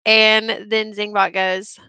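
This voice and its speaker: A woman's voice: mid-range voice, level tone, slow, sharp tone, clear, resonant tone, dry recording. A woman co-hosting a casual reality TV chat show, chatty and teasing. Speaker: co-host.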